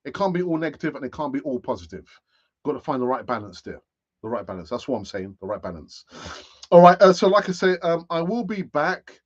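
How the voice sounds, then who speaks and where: A man's voice: a little high, highs cut off. A man hosting a football fan channel, chatting casually and rambling with lots of fillers and restarts. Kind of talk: casual live-stream chat.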